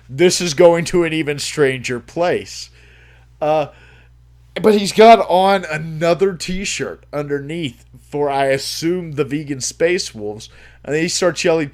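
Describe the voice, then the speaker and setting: A man hosting a livestream, telling a story in a casual, profane way, swearing freely and laughing as he goes. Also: a little high. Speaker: livestream host.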